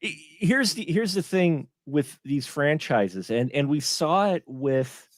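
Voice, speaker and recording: Animated man, slightly high voice. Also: slow, no echo, studio quality. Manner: animated, acts out his own reactions in quotes. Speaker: guest film reviewer. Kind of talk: casual live stream chat.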